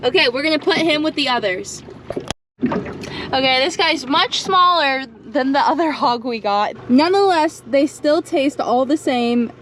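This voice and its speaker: A woman vlogging in a casual, excitable way, talking to viewers from a small boat. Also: high-pitched, unhurried. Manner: upbeat, excitable. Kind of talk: casual vlog narration. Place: small boat on the sea, outdoors. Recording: outdoors on a boat, noisy wind and water.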